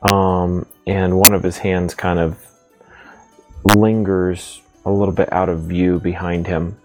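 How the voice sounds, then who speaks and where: A deep, low-voiced man running a tabletop game, describing the scene at an unhurried pace with frequent pauses and ums. Faint music plays in the background. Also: little pitch movement, poor audio. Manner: slow, descriptive, many fillers. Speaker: game master.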